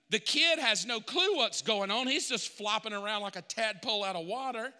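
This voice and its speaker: A male pastor preaching an animated sermon, acting out Bible characters in a church sanctuary. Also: high-pitched, moderate pace, hardly any pauses. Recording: reverberant church hall.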